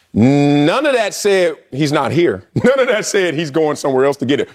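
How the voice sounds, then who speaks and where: Animated man in sports debate. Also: moderate pace, hardly any pauses. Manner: emphatic, swooping pitch, playful. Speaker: sports debate co-host, former NFL player.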